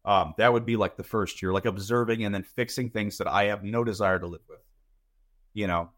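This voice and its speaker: A man's voice: fairly low pitch, fairly even intonation, a little fast. A man in his thirties, a podcast guest talking casually and rambling, often repeating words as he thinks. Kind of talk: casual chat.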